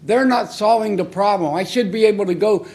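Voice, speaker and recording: A man with a notably high voice for a man delivers public comment at a city council podium. He talks in an angry, confrontational way, hammering the council with short, blunt, repeated phrases. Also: a little fast, a little mellow. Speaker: member of the public giving comment.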